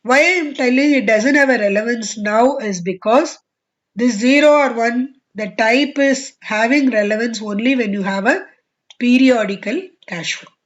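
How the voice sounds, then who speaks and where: Woman instructor, higher voice, explains slowly and checks "okay", dull online-call audio. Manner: explains step by step with repeated okays. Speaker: finance instructor. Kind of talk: online class lecture. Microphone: video call.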